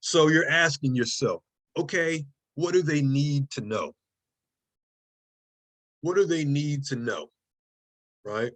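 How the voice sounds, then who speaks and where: A man's voice: fairly high pitch, takes it slowly, long pauses, a bit bright. A man teaching a college writing class, lecturing casually and checking in often with "okay?" and "right?". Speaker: writing instructor.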